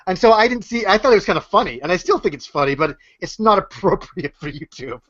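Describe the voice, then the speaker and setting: Guesting on a casual podcast, this Canadian YouTuber talks fast in a high, expressive, slightly bright voice, joking and rambling with many fillers and false starts. The audio is dry but muffled, with a lo-fi podcast quality.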